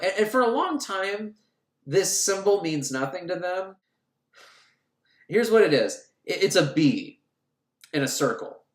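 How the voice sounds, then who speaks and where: A man's voice: on the high side, fairly bright tone. A man giving a sarcastic, rambling comedic recap of a movie plot. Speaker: host recapping a film. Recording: roomy echo.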